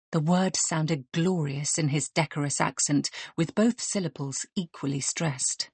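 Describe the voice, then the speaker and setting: A woman reads an audiobook in steady, even narration. Her voice sits low and a little husky. The recording is close and dry, with no room sound. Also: a little slow, few pauses, no room sound.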